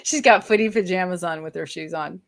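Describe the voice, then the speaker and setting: Lower-voiced woman musing in casual chat. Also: fairly quick. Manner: reflective, fills talk with "you know". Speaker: podcast co-host. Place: at home with a toddler nearby.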